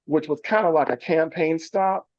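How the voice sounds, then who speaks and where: A man's voice: fairly high pitch, normal speed, darkish tone, dry recording. Man, journalist guest, remote. Storytelling with restarts; muffled, dry call sound. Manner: rambling anecdotes with many fillers and restarts. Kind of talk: remote radio interview, storytelling. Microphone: video call. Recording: dull lo-fi call audio.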